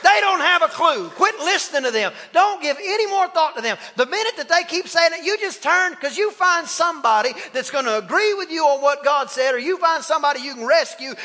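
Male pastor, very high and forceful voice, impassioned sermon with call-and-response, long church-hall reverb. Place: church sanctuary.

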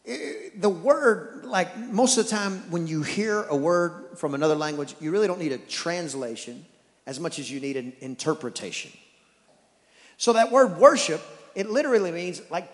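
A man from East Texas with an East Texas accent preaching a sermon as pastor, telling stories with animated, stammering restarts. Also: fairly high pitch, big-room sound. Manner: animated storytelling with repeated restarts.

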